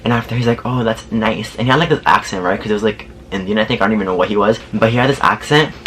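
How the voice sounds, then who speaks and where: A young man telling a story to camera in a casual vlog, sassy and animated, swearing freely and laughing often. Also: fairly low pitch, rapid-fire, slight background noise.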